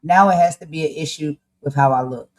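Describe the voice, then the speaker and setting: A woman's voice: low voice, brisk, noisy background. Emphatic woman podcast co-host, Jersey accent with a North Carolina touch, talks with fire and rhetorical "okay?"s. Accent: New Jersey with a touch of North Carolina. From New Jersey. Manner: emphatic, fired-up, uses "y'all" and "okay?". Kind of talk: candid casual commentary.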